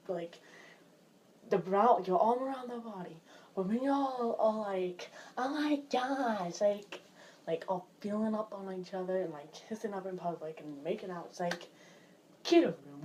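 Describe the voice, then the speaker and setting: A woman's voice: medium pitch, warm tone. A woman vlogging in a casual, chatty way, sounding exasperated and filling her talk with "like". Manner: chatty, exasperated, filler-heavy with "like". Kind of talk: casual vlog chat.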